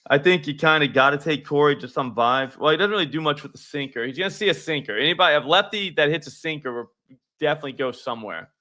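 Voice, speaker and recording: Male stream host, bright voice, casual and salty, banters with the chat. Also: fairly high pitch, fast. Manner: loose, profane, talks to chat viewers. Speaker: sports betting show host.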